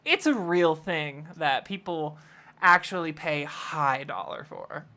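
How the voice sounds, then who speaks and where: A young woman narrating as game master in a casual tabletop game, with halting, laughing delivery. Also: sits low, bright, forceful tone.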